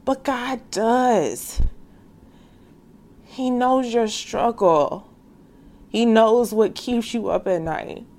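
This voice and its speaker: A woman's voice: fairly high pitch, drawn-out words, long pauses, a little mellow. Young woman, faith podcast host, earnest and casual direct address. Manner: earnest, heartfelt, calls listeners sis; casual slangy speech.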